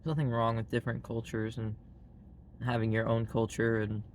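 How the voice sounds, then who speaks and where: Flat-voiced Southern man, blunt and rambly. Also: mid-range voice, fairly quick, a little hiss or hum. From Arkansas, US. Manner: blunt and frank, heavy use of "like" fillers. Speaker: vlogger. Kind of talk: casual monologue to camera.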